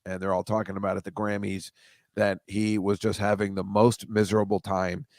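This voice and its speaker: A man's voice: on the low side, little pitch movement, a little fast, a little mellow, no echo, clean studio sound. A man hosting a casual comedy chat show, rambling and self-deprecating, stammering and restarting as he goes. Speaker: host.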